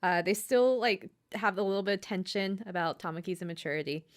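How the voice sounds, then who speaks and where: Relaxed woman podcaster, hesitant recap. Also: medium pitch, fairly quick. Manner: relaxed, hesitant with many fillers. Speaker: podcast co-host. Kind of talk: casual chat recapping an anime episode.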